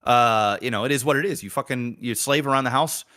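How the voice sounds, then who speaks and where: Bright-voiced, profane male podcast host. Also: mid-range voice, brisk. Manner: animated, profane storytelling. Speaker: father. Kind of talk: casual podcast chat.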